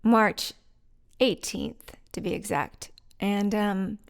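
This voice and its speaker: Giggly, gravelly middle-aged woman. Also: mid-range voice, takes it slowly. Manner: giggly, rambling, self-mocking, chatty. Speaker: vlog host. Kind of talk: casual rambling monologue to camera. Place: sitting on the floor at home. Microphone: mic set up by her partner.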